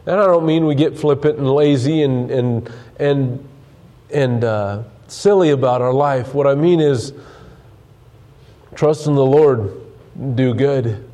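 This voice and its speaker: A man's voice: mid-range voice, slow pace, mellow. A man preaching a sermon, earnest and full of restarts, reading scripture aloud while losing his voice. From United States. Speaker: pastor.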